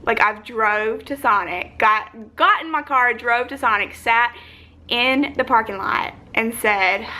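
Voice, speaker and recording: A woman's voice: fairly high pitch, moderate pace, sharp tone, slight background noise. A young woman vlogging casually at home, rambling and reflective, with lots of filler "likes". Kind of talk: casual personal vlog. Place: home, sitting on the floor. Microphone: phone or camera, battery low.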